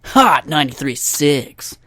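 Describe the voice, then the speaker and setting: A brash male morning radio DJ, put on by a man with a hyped, drawn-out announcer delivery. The voice jumps up high and loud and drags each word out slowly. It comes through a dry USB desk microphone. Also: very animated, no room sound, heavily acted.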